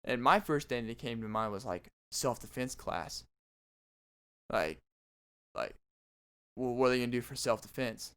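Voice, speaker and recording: A young man riffs through a comedic monologue as a podcast host, rambling and restarting as he jokes. His voice sits at an ordinary pitch. It sounds smooth and clear. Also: a little slow, pauses often, a bit bright.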